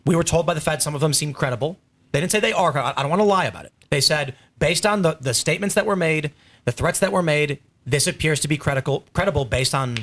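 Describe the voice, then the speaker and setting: A man's voice: a little high, a bit bright. Casual man hosting a panel show. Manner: rambling, storytelling with acted quotes. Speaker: host.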